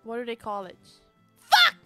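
Excitable high-voiced woman streamer. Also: a little slow, music in the background. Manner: excitable, swears often, reads chat aloud. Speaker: live streamer. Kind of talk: casual live-stream chat while gaming.

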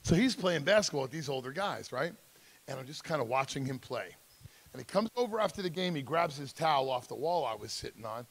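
A man's voice: a little high, creaky. A middle-aged man speaking at a school drug seminar, telling his life story with intensity and acting out the voices of people in it. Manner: acts out quoted voices, emphatic, intense. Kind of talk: personal storytelling talk.

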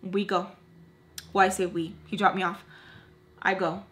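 Young woman, beauty vlogger, casual storytime chat, animated. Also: on the low side, a little slow. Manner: chatty, animated, acts out quoted voices. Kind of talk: storytime chat while doing makeup.

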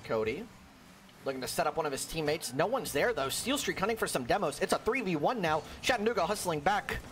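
A young man giving solo play-by-play commentary on a video game match, excitable and jokey, with a worn-out voice. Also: a little high, fairly quick, slight background noise. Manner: excitable, jokey, frequent exclamations. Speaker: esports caster.

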